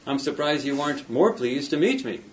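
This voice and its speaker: A man's voice: medium pitch, animated, brisk, slight background noise, natural voice. Smug old scientist, godlike airs, read plainly by a man; dull, distant classroom audio. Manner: read aloud from a novel.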